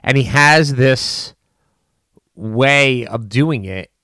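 A man giving unscripted political commentary, animated and emphatic, with frequent restarts and fillers. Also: mid-range voice, extremely slow, dry recording, studio quality.

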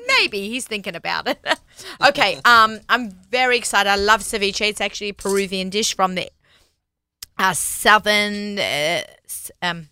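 A woman hosting a talk show in a studio, excitable and eager, exclaiming often. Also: mid-range voice, moderate pace, clear, resonant tone. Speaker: show host. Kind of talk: casual talk show chat. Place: radio studio.

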